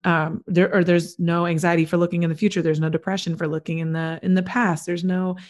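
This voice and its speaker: A woman's voice: fairly low pitch, flat delivery, fairly quick, darkish tone. A woman hosting a podcast, chatting casually and enthusiastically, often saying "like". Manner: enthusiastic, heavy use of "like". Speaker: podcast host.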